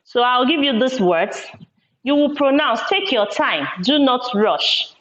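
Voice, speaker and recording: A woman teacher with a somewhat high voice leads a lesson at a very slow, deliberate pace, repeating words syllable by syllable. She was recorded in an echoey classroom with a board, and the sound is dull and lo-fi. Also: expressive, fairly bright tone.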